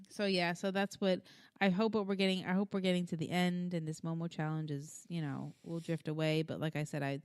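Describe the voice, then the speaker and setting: Animated, foul-mouthed woman telling stories. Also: fairly low pitch, clean tone, no room sound. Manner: animated storyteller, swears freely, acts out voices. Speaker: podcast co-host. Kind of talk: casual chat.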